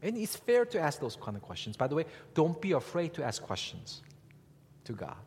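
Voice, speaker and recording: A male pastor with a slightly husky voice preaches to his congregation, his pitch rising and falling in a lively way. He keeps asking the room rhetorical questions. His words ring out with the long reverb of a large church hall. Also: normal speed. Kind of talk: sermon.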